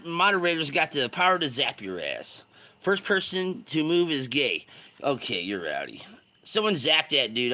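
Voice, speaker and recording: Rowdy, bright-voiced fishing streamer. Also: male voice, on the high side. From California. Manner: rowdy, greets chat loudly, slangy. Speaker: fishing livestream host. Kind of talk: casual livestream chat.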